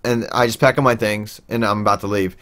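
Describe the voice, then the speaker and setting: Speaking a little fast in a fairly low, steady, fairly bright voice, a young man shares a rambling personal story packed with fillers and restarts. He acts out the people he quotes in raised voices.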